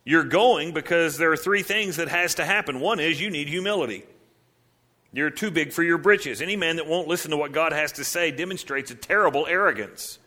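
A man preaching, his voice bright and carrying as he fires off rhetorical questions. He leans into the voices of the people in his stories and then drops back to explain verse by verse. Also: on the high side, fairly quick. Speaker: pastor. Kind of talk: sermon.

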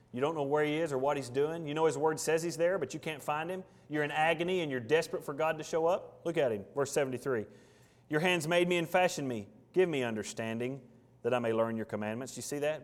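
Man, preacher, sermon, earnest, slow rising emphasis, soft low questions, somewhat high voice, long hall reverb. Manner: earnest preaching, slows and rises on scripture, drops soft on questions. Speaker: pastor.

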